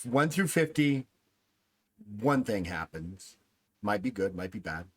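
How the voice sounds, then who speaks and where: Low-voiced man running a tabletop game. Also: very animated, measured pace, breathy edge. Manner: casual, rambling, with restarts. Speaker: game master.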